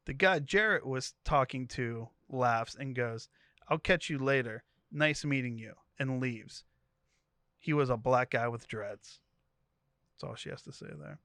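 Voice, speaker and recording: A man's voice: mid-range voice, measured pace, pushed and bright, no room sound, studio quality. A man co-hosting a podcast, reading a profane story thread aloud and quoting each character in turn. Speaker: podcast co-host.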